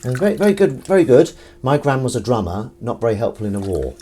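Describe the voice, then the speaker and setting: A man's voice: medium pitch, very animated, quick pace, dark tone, a little hiss or hum. A man hosting a live stream, chatting casually and jokingly with viewers in a rambling, self-deprecating way. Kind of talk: casual chat reading viewer comments.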